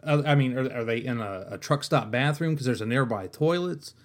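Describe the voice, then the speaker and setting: Male podcast host, mid-pitched, in an exasperated comic rant that is profane and full of restarts. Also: brisk. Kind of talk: comedic rant.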